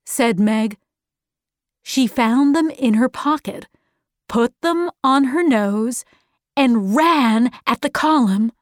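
A woman narrating a story in a clear, careful, evenly paced reading. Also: fairly high pitch, slow, no echo, studio quality. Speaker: audiobook narrator. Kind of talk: slow, clear scripted narration for learners.

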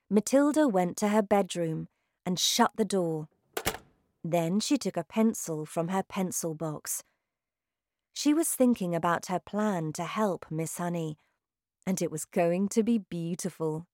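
A woman narrating a graded-reader audiobook, reading clearly and carefully, one word at a time. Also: lowish voice, a little mellow, no room sound, studio quality.

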